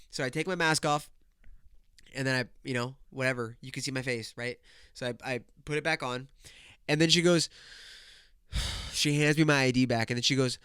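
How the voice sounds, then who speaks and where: A young man in his twenties tells a story on his podcast, animated and loose, swearing and laughing as he goes. His voice is smooth and clear. The sound is close and dry, with no room in it. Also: medium pitch, normal speed, dry recording. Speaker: podcast host. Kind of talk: casual storytelling.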